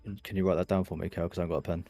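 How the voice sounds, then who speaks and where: A man's voice: low-pitched, flat delivery, very fast, music in the background. Jokey man playing a tabletop game. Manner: jokey, laughs often. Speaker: player. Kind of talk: casual tabletop game play.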